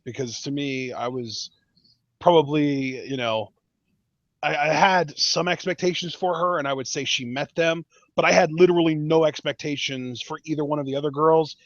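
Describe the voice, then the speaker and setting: A co-host with a slightly high voice gives emphatic, opinionated wrestling takes on a casual review podcast, restarting often. The audio is dull, lo-fi and dry.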